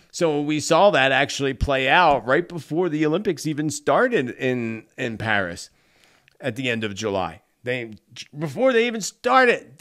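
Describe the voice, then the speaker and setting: Earnest male psychic host, mid-pitched voice, talks straight to viewers. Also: a bit bright. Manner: earnest, addresses listeners as "friends". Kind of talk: solo predictions talk to camera.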